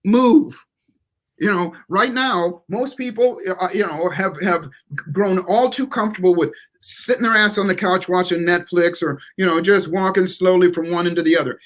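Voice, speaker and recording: A man's voice: sits high, moderate pace, a bit bright. Emphatic motivational speaker, man. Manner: emphatic, preacherly, repeats key words for emphasis. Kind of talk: motivational talk on a live interview show.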